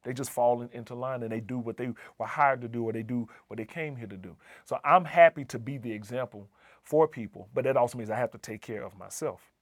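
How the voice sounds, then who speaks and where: A man's voice: mid-range voice, a little fast, no echo, studio quality. A middle-aged man, an assistant dean, telling a personal story in an earnest, emphatic way and repeating key phrases for weight. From Southern United States. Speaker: assistant dean of community and inclusion.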